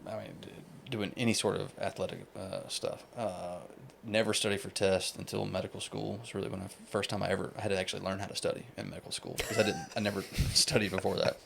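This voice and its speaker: Gravelly low-voiced man chatting. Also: flat delivery, quick pace, few pauses, background noise. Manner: rambling, many restarts and fillers, laughs easily. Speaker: podcast guest. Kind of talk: casual conversation.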